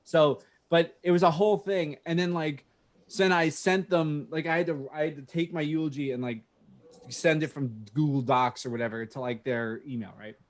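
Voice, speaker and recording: A man's voice: on the high side, fairly even intonation, normal speed. Fired-up swearing storyteller guy. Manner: heated, profane storytelling. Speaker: podcast co-host. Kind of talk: casual chat, storytelling.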